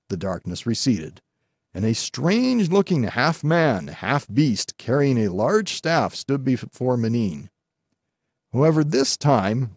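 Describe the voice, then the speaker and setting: A man reading a folk tale aloud as scripted narration, calm and measured. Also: medium pitch, slightly rough, no room sound, studio quality. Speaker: storyteller.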